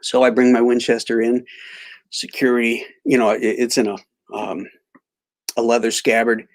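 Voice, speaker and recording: A middle-aged man hosting a live stream, telling a rambling story full of halting restarts and reading out chat greetings. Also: mid-range voice, flat delivery. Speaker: livestream host.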